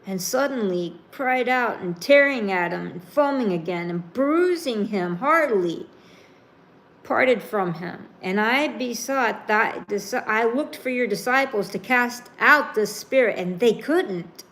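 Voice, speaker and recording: A woman preaching a sermon, reading scripture and then explaining it in a slow, emphatic, informal way. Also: on the high side, expressive, a bit bright.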